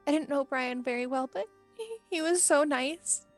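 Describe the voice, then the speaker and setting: A woman playing her character in a tabletop game, gentle and soft-spoken. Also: high-pitched, lively intonation, normal speed, faint music behind. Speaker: player. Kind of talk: in-character role-play.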